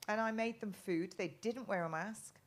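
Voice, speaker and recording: A woman's voice: medium pitch, normal speed. A middle-aged woman from England talking as a guest in a casual live chat, rambling with many restarts and ums.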